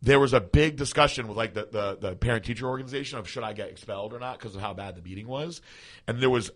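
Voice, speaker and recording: A man co-hosting a podcast, telling a story in a casual, animated way, swearing and laughing often. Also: mid-range voice, fast talker. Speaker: podcast co-host.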